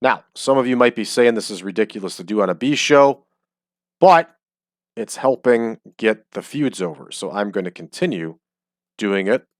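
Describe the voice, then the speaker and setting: A game streamer with hiccups chats casually while playing, joking and saying "um" often. His fairly low voice moves at a moderate pace, captured on a desk microphone with studio-quality sound and no room ambience.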